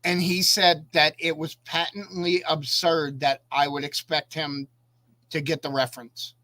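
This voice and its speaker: A man's voice: on the high side, flat delivery, a little slow, sharp tone, dry recording. A man co-hosting a casual podcast, talkative and opinionated, telling stories with animation. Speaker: podcast co-host. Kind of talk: casual chat.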